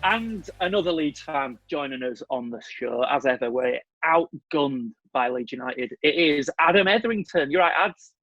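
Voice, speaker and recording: Brief: male host, slightly high, husky, dry call audio, faint music under. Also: expressive, normal speed, fairly bright tone, dry recording, muffled recording. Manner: jokey, playful, laughs easily. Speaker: podcast host. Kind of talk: casual football podcast chat. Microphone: video call.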